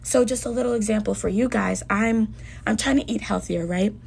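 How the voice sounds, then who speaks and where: Earnest young woman with gravelly fry. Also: mid-range voice, brisk, slight background noise. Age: young adult. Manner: earnest, heartfelt self-talk with soft dips. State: emotional. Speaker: podcast host. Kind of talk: personal podcast monologue.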